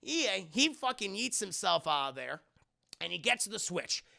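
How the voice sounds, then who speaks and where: A man gives a casual, profane episode recap in a high, heavily gravelly voice. He sounds bright and forceful, and the recording is close and dry. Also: big pitch swings, moderate pace. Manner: loose and profane, acting out the scenes. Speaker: show reviewer.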